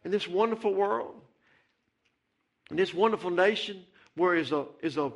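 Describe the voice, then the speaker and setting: A man's voice: high-pitched, moderate pace. A man preaching a fervent sermon in church, repeating phrases and calling out "Amen.". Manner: fervent, repetitive, calls out "Amen" and "Hey".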